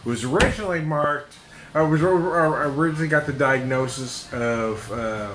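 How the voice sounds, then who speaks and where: A man's voice: a little high, moderate pace. A middle-aged man rambling through a casual monologue, laughing often and swearing freely. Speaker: podcast host. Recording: echoey room with faint music.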